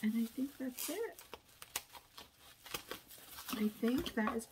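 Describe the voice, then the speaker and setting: A woman's voice: a little high, expressive, slow, heavy background noise. A woman vlogger chatting casually while unboxing thrift packages, rambling and restarting her thoughts.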